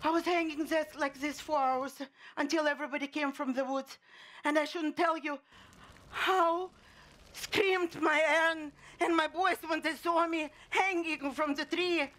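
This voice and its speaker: A woman acting a middle-aged mother who survived a pogrom, speaking in a halting stage monologue full of restarts and repeated words. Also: sits high, steady tone, fairly bright tone. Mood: desperate. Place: theater stage.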